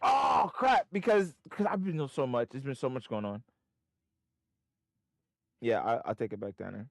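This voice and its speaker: A man's voice: mid-range voice, very animated, normal speed, vocal fry, darkish tone, no echo, clean studio sound. A man hosting a live trading stream from home, thinking aloud in casual, rambling commentary. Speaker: livestream trading host. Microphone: desk microphone, wearing headphones.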